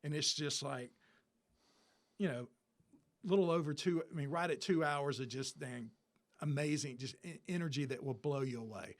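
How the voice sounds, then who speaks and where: A man's voice: on the high side, normal speed. A middle-aged man, telling a long industry anecdote as an interview guest, full of fillers and acted-out dialogue. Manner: rambling, filler-heavy, acts out dialogue. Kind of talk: casual anecdotal storytelling.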